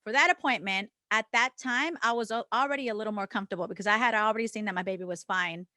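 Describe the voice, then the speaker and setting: A podcast co-host with a mid-range, bright, forceful voice talks fast, telling a personal story candidly and with feeling in a casual show. She acts out other people's dialogue and drops the occasional swear word, recorded dry and close with no room sound.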